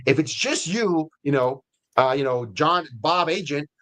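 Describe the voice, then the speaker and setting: A middle-aged man with a US Hispanic accent, hosting a webinar in a casual, energetic way with many fillers and restarts. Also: fairly high pitch, unhurried. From Latin America. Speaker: webinar host.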